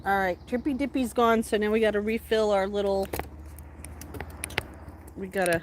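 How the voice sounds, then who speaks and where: A woman vlogging outdoors, excitedly calling and cheering at a squirrel, then dropping to mutters. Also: mid-range voice, normal speed, pauses often, a little hiss or hum. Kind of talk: casual outdoor vlog. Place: outdoors, yard near a hill road.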